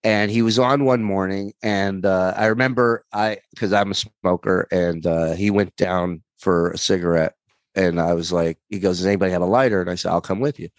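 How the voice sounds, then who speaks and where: A comedian man telling animated, rambling stories with many fillers, in a casual chat. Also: low-pitched, normal speed, no echo. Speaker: comedian guest. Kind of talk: casual storytelling.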